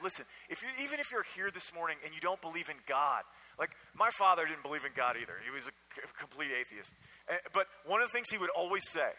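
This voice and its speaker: A man's voice: on the high side, bright, forceful tone, long reverb tail, rough recording. A man preaching a conversational sermon to a Sunday morning congregation, often asking them direct questions. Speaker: pastor.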